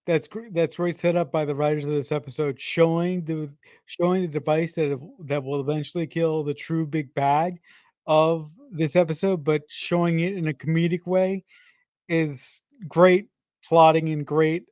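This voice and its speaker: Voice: mid-range voice, darkish tone, no room sound, studio quality. A podcast host giving casual reaction commentary during an episode, exclaiming and laughing a lot, and stumbling and restarting when explaining plot points. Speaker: watch-along podcast host.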